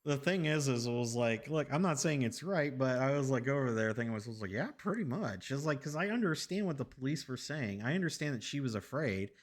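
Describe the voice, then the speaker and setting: A man's voice: medium pitch, expressive, fast talker, hardly any pauses. A man streaming games, telling a story casually with rambling, profane asides to his chat.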